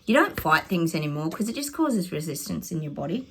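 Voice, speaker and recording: A woman talking casually to viewers as a psychic vlogger. She chats excitably while pulling oracle cards and often calls her audience "guys". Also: deep voice, brisk, a little hiss or hum. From Australia. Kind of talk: casual oracle card reading to camera.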